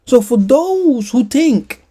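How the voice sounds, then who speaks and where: A woman's voice: sits high, sing-song, takes it slowly, mellow, breathy edge. A woman preaching in an emphatic teaching style, often asking listeners questions. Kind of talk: sermon-like teaching.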